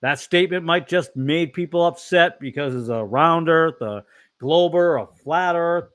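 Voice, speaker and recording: A man's voice: on the high side, measured pace, a bit bright. Blunt, rambling man preaching casually. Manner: rambling, self-correcting, blunt opinions. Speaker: online fellowship discussion host.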